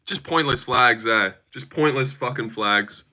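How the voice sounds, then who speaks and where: Sarcastic young man, bright voice. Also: mid-range voice, measured pace. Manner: sarcastic, argumentative, swears freely. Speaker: streamer answering chat. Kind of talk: live stream chat reading.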